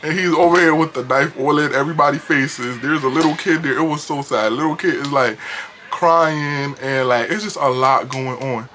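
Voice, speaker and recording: A young man telling a storytime vlog in an animated, casual way, laughing often. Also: fairly high pitch, normal speed, slight background noise. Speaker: vlogger.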